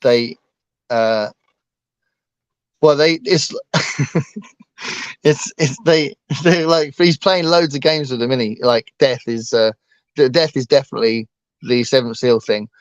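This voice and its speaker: A man's voice: mid-range voice, a little slow, pauses often, dry recording. Rambling man, casual book chat co-host, fillers galore, dull dry recording. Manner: rambling, with many fillers and restarts. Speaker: booktuber co-host.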